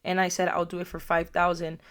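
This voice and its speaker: Young woman vlogging crude stories, brash and swearing a lot, loud outbursts. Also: on the low side, monotone, a little fast. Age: young adult. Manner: brash, profane, loud bursts and put-on mocking quotes. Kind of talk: crude comedic storytelling.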